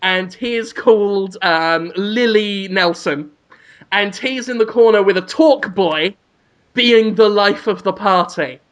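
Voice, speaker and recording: Man podcast co-host, deadpan rambling storyteller, ums a lot. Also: sits high, slow. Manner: rambling, deadpan absurd scenario-spinning with frequent ums.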